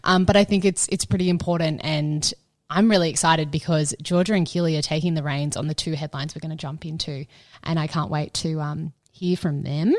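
Brief: upbeat woman host, lowish voice, dry studio mic. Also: fairly even intonation, fairly quick, a little mellow, dry recording. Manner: chatty and upbeat, with restarts. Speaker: podcast host. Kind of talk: casual chat.

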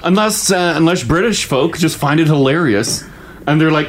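Man, radio co-host, playful banter, fairly high lively voice, faint noise under it. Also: normal speed. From Canada. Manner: laughs often, joking banter. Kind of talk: casual morning radio chat.

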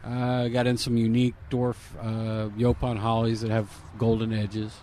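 Brief: male radio co-host, matter-of-fact, even mid pitch, faint hiss. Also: moderate pace. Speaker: nursery co-host. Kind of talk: casual radio chat.

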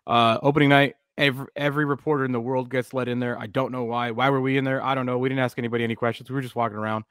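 A man's voice: medium pitch, flat delivery, rapid-fire, fairly bright tone, clean tone, no echo, studio quality. A man hosting a casual sports talk show, a brash, joking storyteller. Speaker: sports radio host.

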